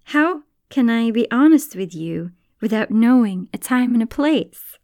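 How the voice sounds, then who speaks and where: A woman voicing a wise giraffe puppet who explains things calmly and patiently. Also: fairly high pitch, measured pace, no echo, clean studio sound, pitched above the performer's own voice.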